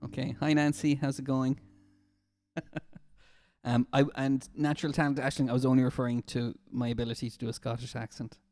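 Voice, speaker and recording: A man's voice: medium pitch, flat delivery, a little fast, a little mellow, dry recording, clean studio sound. A man with an Irish accent, a music therapist, chatting casually on a live stream and reading out viewer comments with easy laughter. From Ireland. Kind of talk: casual chat to a live stream audience between songs. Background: acoustic guitar.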